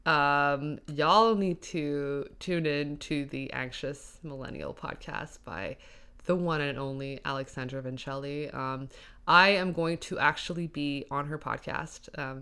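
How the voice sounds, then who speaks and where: A woman's voice: low-pitched, slow, pushed and bright, smooth. A young woman hosting her own podcast, rambling through a solo monologue with many fillers, tired but upbeat. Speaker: podcast host.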